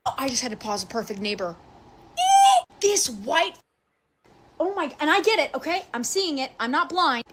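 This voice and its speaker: High, animated woman ranting indignantly. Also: normal speed, long pauses. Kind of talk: social video rant.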